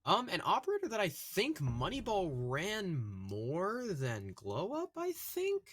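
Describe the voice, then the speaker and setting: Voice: medium pitch, wildly swooping pitch, measured pace, fairly bright tone. An esports caster giving live color commentary with chatty analysis of the plays.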